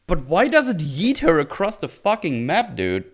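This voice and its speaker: A man's voice: a little high, huge pitch swings, normal speed. A man hosting his own show, recapping a TV episode in casual commentary, sarcastic and swearing often.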